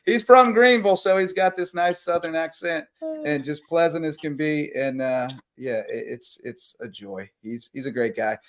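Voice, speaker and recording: A man's voice: fairly high pitch, moderate pace. Tired, rambling man hosting late-night sports talk. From South Carolina Lowcountry. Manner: rambling, energetic, reading sponsor shout-outs. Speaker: sports talk show host. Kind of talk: casual late-night live sports chat.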